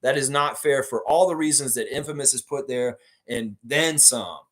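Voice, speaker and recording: Guy hosting a livestream, rambling thru chat comments, lots of uh and like, middle-pitched ordinary voice. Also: moderate pace, a bit bright. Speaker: host of a fan livestream. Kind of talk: casual livestream chat answering viewer comments.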